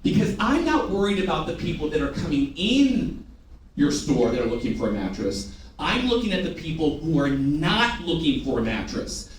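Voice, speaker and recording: A man's voice: a little high, normal speed, slight background noise. A man giving a live sales training to a room of staff, joking and drilling them with call-and-response. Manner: animated, jokey, drills the audience with call-and-response. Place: large room with a live audience. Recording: echoey room, picked up from a distance.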